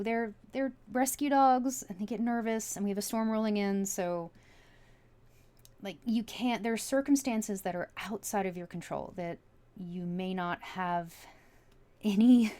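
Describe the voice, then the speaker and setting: A woman's voice: mid-range voice, mellow. A woman giving a casual tarot reading from home, musing aloud as she turns over each card. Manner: chatty, musing aloud with many likes and you-knows. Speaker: tarot reader.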